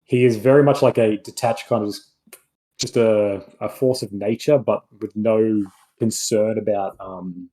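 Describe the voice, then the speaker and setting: A man's voice: fairly low pitch, steady tone, a little slow, dark tone, husky, poor audio. A man co-hosting a film review podcast, talking in a rambling, casual way with many restarts and asides. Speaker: podcast co-host.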